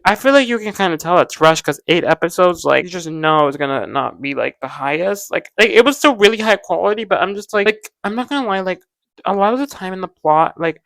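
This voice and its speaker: A woman's voice: lowish voice, a bit bright, no room sound, poor audio. Young female vlogger, dramatic and chatty, many fillers, dead-dry home recording. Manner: gushing, dramatic, full of "like" fillers. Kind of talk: casual chatty pop-culture vlog. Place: home room with ring light. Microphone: close camera mic.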